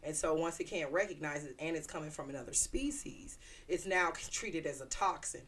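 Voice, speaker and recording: A woman's voice: low-pitched, brisk, fairly bright tone. A woman co-host chatting casually and explaining things with an easy, laughing manner. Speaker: podcast co-host. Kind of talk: casual chat.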